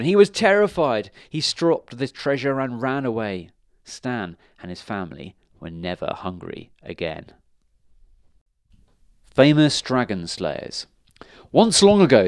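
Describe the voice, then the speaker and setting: Animated man reading a children's book. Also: medium pitch, no room sound, clean studio sound. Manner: expressive, animated read-aloud. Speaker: reader. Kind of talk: reading a children's storybook aloud.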